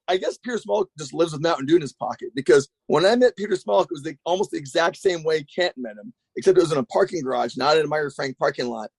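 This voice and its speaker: A man, a guest skateboarder, telling a long story in a rambling, profane, animated way. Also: a little high, no echo. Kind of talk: casual storytelling.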